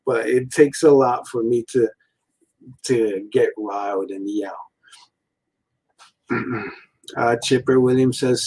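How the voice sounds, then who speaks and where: A man's voice: medium pitch, darkish tone, rough recording. A man in his forties giving a casual, meandering rant from a room at home, full of fillers and frequent chuckles. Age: 40s. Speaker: toy and cartoon reviewer.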